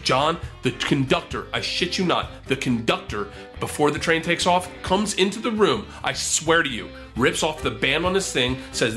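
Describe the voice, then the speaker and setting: A man telling a wild comedy story, animated and profane, acting out the quotes. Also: mid-range voice.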